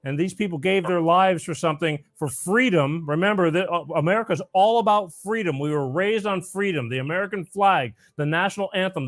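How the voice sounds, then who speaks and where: A man hosting a call-in talk show, speaking emphatically, repeating himself and stumbling over words. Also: high voice. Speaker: radio show host.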